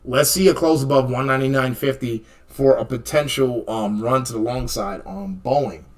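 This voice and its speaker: A man hosting a live trading stream, talking through stock charts in a casual, animated way and often checking in with "okay?" and "right?". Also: mid-range voice, moderate pace. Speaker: stock chart analyst host.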